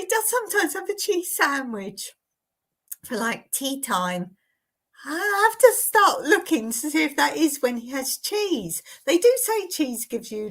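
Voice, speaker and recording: A chatty woman with a high voice hosts a casual live stream. She reads out viewer comments and tells stories with plenty of giggles. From England. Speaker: vlogger hosting a live stream.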